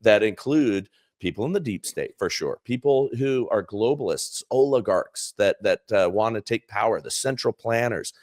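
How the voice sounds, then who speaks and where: A man with a fairly low voice talks in a loose, rambling way, full of fillers and restarts. He co-hosts a casual political chat show. The sound is dry and close. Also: expressive, normal speed, hardly any pauses, darkish tone, no room sound. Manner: rambling, many fillers and restarts, acts out quoted people. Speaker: co-host.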